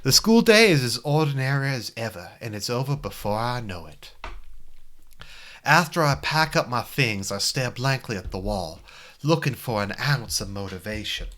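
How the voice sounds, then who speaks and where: A man's voice: mid-range voice, animated, normal speed, sharp tone. A man doing a drawling old-timey Southern boy. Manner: mock-grand, drawling, folksy narration. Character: listless teenage boy narrator with an old-fashioned Southern drawl. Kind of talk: dramatic reading of a visual novel.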